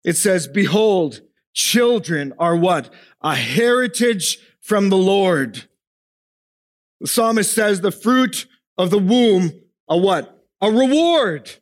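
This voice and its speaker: Pastor, male, high voice, emphatic sermon delivery that swings from raised to hushed. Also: animated, slow pace. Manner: asks the congregation questions.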